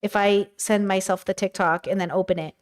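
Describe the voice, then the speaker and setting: A woman's voice: mid-range voice, steady tone, fairly quick. A woman streamer chatting casually with her viewers, joking and laughing often. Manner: giggly, jokey, talks to chat. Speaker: streamer reacting to videos. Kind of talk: casual livestream chat.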